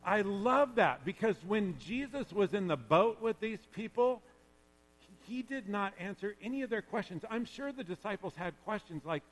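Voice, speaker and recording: A man preaching a sermon as a pastor, conversational and animated, often checking in with his listeners. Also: high-pitched, normal speed. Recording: long reverb of a large hall.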